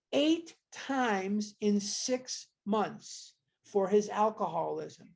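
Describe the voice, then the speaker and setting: Slow, emphatic study leader on a video call. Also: mid-range voice, a little mellow. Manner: slow, emphatic, asks rhetorical questions. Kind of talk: teaching a book study.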